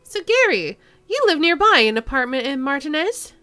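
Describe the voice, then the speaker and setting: A woman's voice: high voice, sing-song, moderate pace, sharp tone, no room sound, faint music behind, pitched above the performer's own voice, exaggerated voice. A woman voicing a blunt male detective who asks pointed questions of a suspect. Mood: probing.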